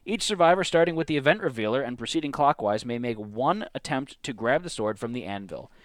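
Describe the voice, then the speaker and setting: A man hosts a streamed board game night, his voice swinging up and down with lively energy. He reads rule cards aloud and ribs his co-player in easy chat. The sound is dry and close. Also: medium pitch, fairly quick, no room sound.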